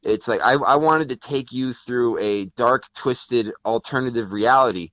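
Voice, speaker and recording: A man's voice: mid-range voice, a little slow, a bit bright, no room sound. A man from Connecticut chatting as a podcast guest, rambling with many fillers and restarts. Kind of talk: casual interview chat. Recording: dull lo-fi sound.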